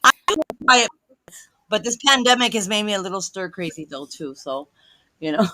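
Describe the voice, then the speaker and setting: A woman's voice: medium pitch, normal speed, no echo, poor audio. A woman in her thirties, a guest on a casual livestream chat, talking a lot and laughing often, calling in on a phone on speaker. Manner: talkative, laughing often, animated storytelling.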